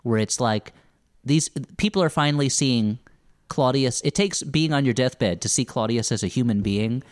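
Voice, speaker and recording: A man's voice: mid-range voice, lively intonation, moderate pace, dry recording, studio quality. A man co-hosting a podcast, talking thoughtfully about a TV series and often restarting sentences as he searches for words. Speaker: podcast co-host. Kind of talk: casual chat about a TV series.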